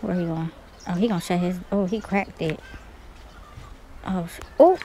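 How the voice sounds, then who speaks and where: Excitable woman gamer yelling in fright. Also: lowish voice, moderate pace, a little hiss or hum. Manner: talks to herself and the viewers. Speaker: gaming video host. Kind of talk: live gameplay commentary. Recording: clear music playing behind.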